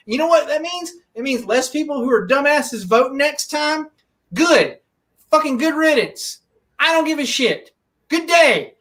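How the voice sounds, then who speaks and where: Podcast host, higher pitch, sounds slightly away from the mic, swears through heated rants. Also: expressive, unhurried, a bit bright, far from the mic. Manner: profane, ranting, heated. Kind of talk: casual podcast chat.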